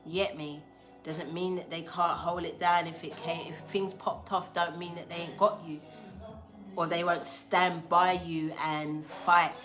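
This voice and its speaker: Woman, slangy livestream storytelling, animated, acts out dialogue, lowish voice, faint background music. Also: a little slow. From England. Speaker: spiritual livestream host. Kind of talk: casual storytelling to a live audience.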